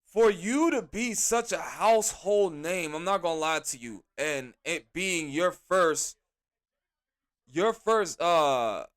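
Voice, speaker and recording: A man hosting a podcast, reviewing a wrestling show in an animated, exasperated rant full of slang. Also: fairly high pitch, slow pace. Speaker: podcast host.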